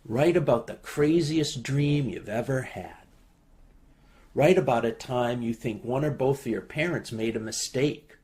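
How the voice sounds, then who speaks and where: Calm man reading writing prompts. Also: mid-range voice, a little slow.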